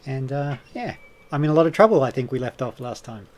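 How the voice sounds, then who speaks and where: Man, tabletop player, halting, many fillers, casual. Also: mid-range voice, animated, over a noisy crowd.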